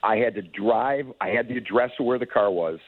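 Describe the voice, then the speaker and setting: Older guy on a tinny phone line, lowish voice, rambling stories, keeps restarting. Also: brisk, dry recording. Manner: rambling anecdotes with frequent restarts and chuckles. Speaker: guest, hockey executive. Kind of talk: casual storytelling.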